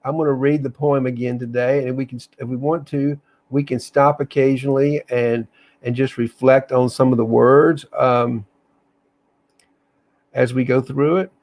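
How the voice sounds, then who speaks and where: A man hosting a reflective online session, talking in an earnest, halting way with restarts, then reading a poem aloud slowly. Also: medium pitch, fairly even intonation, a little mellow. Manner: reads slowly with long pauses. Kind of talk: casual live talk and slow poetry reading.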